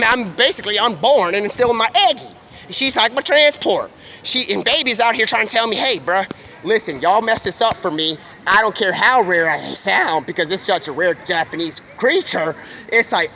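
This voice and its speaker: Male streamer, high bright voice, rambling storyteller, faint street noise. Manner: excitable, rapid stream of consciousness with quick voices for characters.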